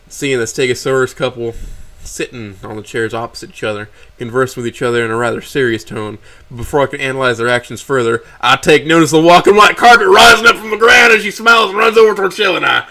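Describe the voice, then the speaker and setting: A man's voice: medium pitch, fairly even intonation, fast talker, gravelly, sharp tone. A man reading a story aloud on a stream, stumbling and correcting himself as he reads.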